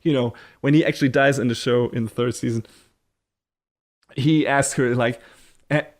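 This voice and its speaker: A man's voice: mid-range voice, steady tone, normal speed. A man co-hosting a podcast, chatting enthusiastically, laughing often and swearing casually. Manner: frequent fillers and restarts. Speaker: podcast co-host. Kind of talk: casual chat.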